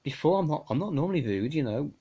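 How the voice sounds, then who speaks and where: An amateur radio vlogger talks casually to a phone camera in a fairly high, warm voice with a breathy edge, animated and fast. He rambles, sounds exasperated and chatty, and says "you know" often; the recording's highs are cut off.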